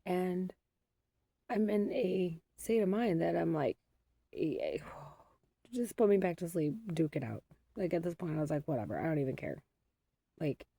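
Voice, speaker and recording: Tired, gravelly low-voiced woman. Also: warm tone, dry recording. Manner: rambling and weary, talking it through. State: sleep-deprived. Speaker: mother vlogging. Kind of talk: casual rambling vlog.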